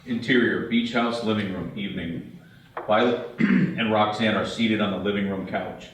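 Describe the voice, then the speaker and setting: A man's voice: lowish voice, normal speed. A man narrating the scene directions of a script in a plain, matter-of-fact way. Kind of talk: script read-through narration. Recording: very echoey, distant, faint hiss.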